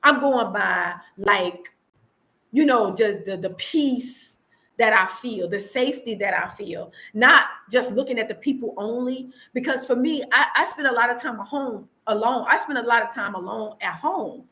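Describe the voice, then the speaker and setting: The audio is rough, carrying a fairly high, sharp-toned female voice at a moderate pace. She's an American vlogger in her Tanzanian home, earnestly answering live-chat viewers in a casual stream full of restarts and repeats.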